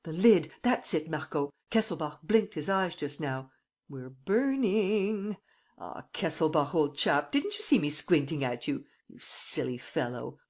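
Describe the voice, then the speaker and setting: A woman reading an audiobook, voicing a suave, teasing male gentleman thief who gives brisk commands. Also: low voice, animated, full character voice. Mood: triumphant.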